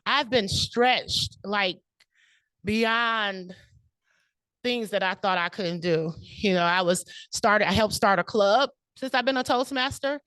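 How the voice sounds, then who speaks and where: A woman's voice: mid-range voice, takes it slowly, fairly bright tone, smooth, no echo. A woman giving a prepared, personal speech at a club meeting, laughing often and close to tears. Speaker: club speaker. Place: meeting room.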